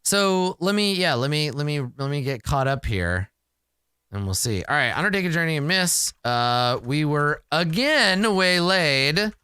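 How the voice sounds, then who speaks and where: A man's voice: fairly high pitch, expressive, a little slow, pushed and bright, smooth, no echo, clean studio sound. A man narrating a solo tabletop game in a casual, profane, exasperated ramble.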